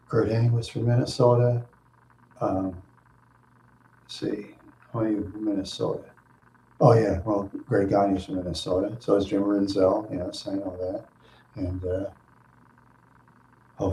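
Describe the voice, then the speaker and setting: Man, middle-aged, casual rambling chat, frequent chuckles, mellow tone, roomy echo. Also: lowish voice, a little hiss or hum. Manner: chuckles often, trails off in asides. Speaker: streamer answering viewers. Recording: echoey room.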